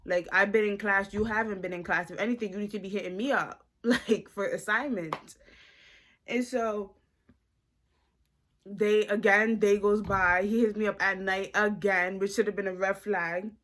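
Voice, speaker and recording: A woman in her twenties from the United States telling a casual storytime vlog into a phone camera, animated and slangy. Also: mid-range voice, moderate pace. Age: 20s. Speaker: vlogger.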